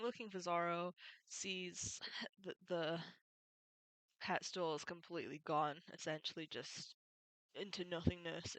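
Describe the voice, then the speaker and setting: A woman's voice: lowish voice, bright, forceful tone, dry recording, low-quality recording. A woman retelling a comic story in a casual, chatty way, adding opinionated and fond asides. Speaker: manga recap YouTuber.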